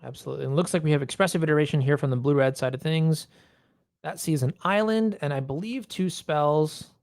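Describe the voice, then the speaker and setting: A man's voice: on the high side, a little fast, darkish tone, no echo, studio quality. A man commentating a card game tournament, explaining rules and plays with many fillers.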